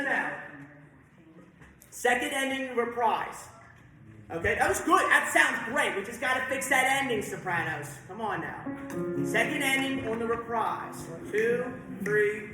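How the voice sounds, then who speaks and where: High, bright-voiced man leading rehearsal. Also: animated. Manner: brisk, directive, counts in the ensemble. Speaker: conductor. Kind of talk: rehearsal instruction. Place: rehearsal hall with choir and orchestra. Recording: very echoey hall with music.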